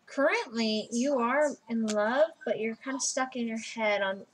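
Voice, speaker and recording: A woman with a slightly high voice giving a personal tarot reading. She talks casually and bluntly, cursing freely as she goes through the cards. A faint hum sits behind her. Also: measured pace, poor audio. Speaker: tarot reader.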